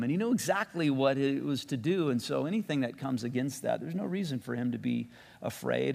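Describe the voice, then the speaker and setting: A man's voice: mid-range voice, vocal fry. A middle-aged man preaching a sermon in a loose, conversational way, telling a personal story and restarting his sentences often. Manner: conversational, animated in quotes, frequent restarts. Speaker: pastor. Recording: long reverb of a hall.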